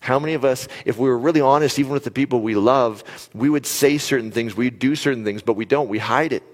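A man giving a live talk to an audience, telling stories in an animated way and asking the crowd questions. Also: medium pitch, fast talker, long reverb tail. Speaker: speaker addressing an audience.

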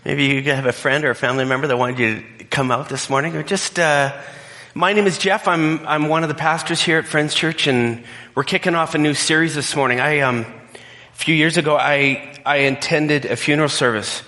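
A man's voice: fairly high pitch, fairly even intonation, moderate pace, bright, forceful tone, big-room sound. A male pastor preaching a conversational sermon, telling a personal story in a candid, emotional way.

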